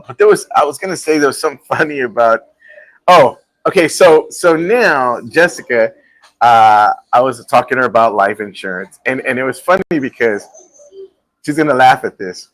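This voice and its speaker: A man's voice: medium pitch, low-quality recording. A man hosting a live talk show from a restaurant, telling rambling stories and laughing often. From Texas. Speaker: show host.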